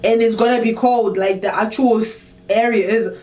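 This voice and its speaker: A young woman telling a storytime vlog, animated and indignant, with filler chatter and swearing. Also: fairly high pitch, moderate pace. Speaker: vlogger. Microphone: camera on tripod.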